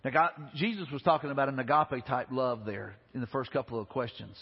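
A man's voice: mid-range voice, brisk, breathy edge. A man pastor preaching a sermon, retelling scripture in a conversational way with frequent restarts. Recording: reverberant hall, dull lo-fi sound.

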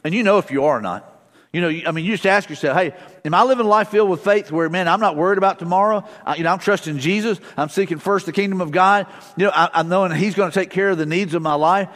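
Middle-aged male pastor, fairly high voice, chatty sermon delivery, long hall reverb. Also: fast, a bit bright. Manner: casual, storytelling, frequent fillers and restarts. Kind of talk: conversational sermon.

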